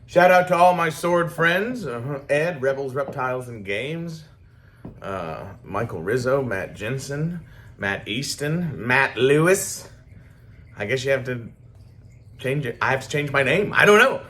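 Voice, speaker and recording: A man's voice: mid-range voice, expressive, unhurried, fairly bright tone. A man chatting casually and swearing freely while giving a workshop project update. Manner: rambling, profane, laid-back. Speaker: hobby swordsmith vlogger.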